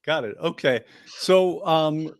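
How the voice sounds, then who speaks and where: A man's voice: fairly high pitch, slow, no room sound. Joking man coaching on a dry video call. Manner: playful, jokey and persuasive. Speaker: wellness program coach and host. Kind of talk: casual panel chat.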